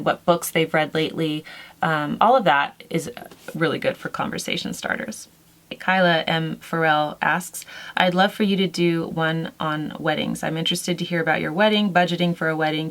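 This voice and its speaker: Relaxed woman, thirties, slightly low voice, friendly, chatty question-and-answer host, light laughs. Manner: gentle, chatty, frequent soft laughs and fillers. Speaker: lifestyle vlogger answering viewer questions. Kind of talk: casual chat.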